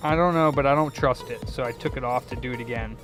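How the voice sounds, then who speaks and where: A man's voice: medium pitch, quick pace, over music. An American man streaming an electronics repair, chatting casually and rambling, with lots of "like" fillers. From United States. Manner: rambling, heavy use of "like" fillers. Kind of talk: casual live-stream chat while soldering.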